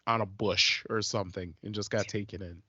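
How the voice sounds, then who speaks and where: A man's voice: on the low side, steady tone, fairly quick, bright, forceful tone, slightly rough, no echo. Joking young man on a dry lo-fi podcast. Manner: teasing, joking, swearing. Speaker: podcast co-host. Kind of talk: casual chat. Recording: dull, dry, lo-fi podcast mic.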